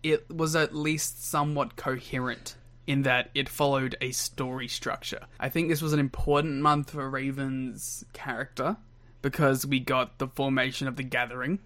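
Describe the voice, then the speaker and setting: A man's voice: medium pitch, level tone, fairly bright tone. A man co-hosting a podcast, chatting casually, playfully arguing and joking with his partner. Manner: playful, quick to argue and joke. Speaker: podcast co-host. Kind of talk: casual chat.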